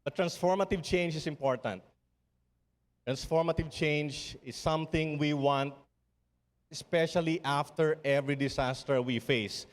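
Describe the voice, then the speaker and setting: A man's voice: fairly high pitch, normal speed. A middle-aged Filipino man giving an earnest, rousing keynote speech at a summit, building his points with repeated refrains and occasional restarts. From Philippines. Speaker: summit speaker. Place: large conference hall. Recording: long hall reverb.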